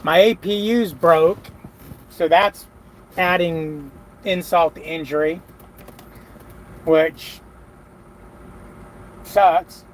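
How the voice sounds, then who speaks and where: A man's voice: a little high, fairly even intonation, drawn-out words, long pauses, slight background noise, poor audio. A truck driver talking casually to his vlog camera from his truck cab, weary and grumbling, sighing often. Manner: weary, grumbling, frequent sighs.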